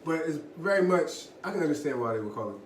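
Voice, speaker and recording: A man's voice: a little high, big pitch swings, quick pace. A man co-hosting a casual podcast chat, setting up topics and posing questions conversationally. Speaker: podcast co-host. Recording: roomy, distant mic, faint noise.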